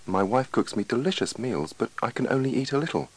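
A man's voice: mid-range voice, big pitch swings, brisk, breathy edge, voice pushed up, rough recording. A man reading the part of an anxious, overworked patient in a scripted lesson dialogue, in a plaintive, pleading way. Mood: worried.

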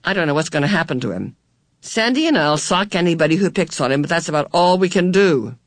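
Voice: medium pitch, expressive, fast, no room sound, lightly acted. A reader voicing an earnest, protective boy twin in a storybook reading.

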